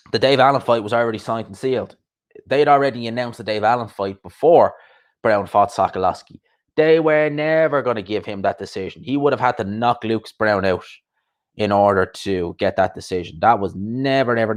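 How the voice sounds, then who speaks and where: A man with a lowish voice hosts a casual live-stream chat. He rambles in a conversational way, reading out viewers' comments and answering them as he goes. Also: a little fast. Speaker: host of a live boxing chat show.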